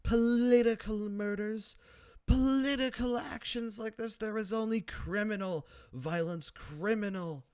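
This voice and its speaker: Brief: shrill stern stateswoman, voiced by a man, slow declaiming outrage, high and loud, dry close sound. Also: clear, resonant tone, dry recording. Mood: indignant. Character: shrill stern female prime minister, indignant.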